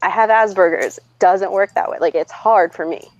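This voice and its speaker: A woman's voice: fairly low pitch, fairly quick, no room sound. A woman telling a story in casual chat, blunt and profane, laughing often as she talks. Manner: blunt, swears freely, laughs often while talking. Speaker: streamer host. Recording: dull lo-fi dry recording.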